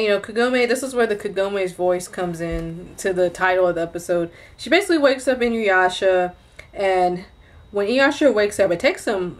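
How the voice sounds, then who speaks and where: A young woman at an ordinary middle pitch talks through an episode recap in a loose, chatty way. She rambles and often stops to correct herself mid-sentence, the way a fan does when talking casually about a show she enjoys. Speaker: anime reviewer.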